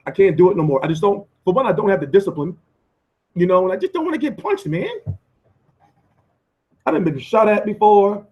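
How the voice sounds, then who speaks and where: An American man hosting a live boxing stream, answering viewer comments in a profane, animated rant with lots of restarts and repeats. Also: sits high, brisk, long pauses, dull audio. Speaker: boxing commentator and channel host.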